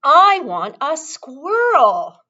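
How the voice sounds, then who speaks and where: A woman voicing a spoiled, demanding little girl who whines and shouts. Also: high-pitched, wildly swooping pitch, very slow, voice pushed up, heavily acted. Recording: dull lo-fi recording.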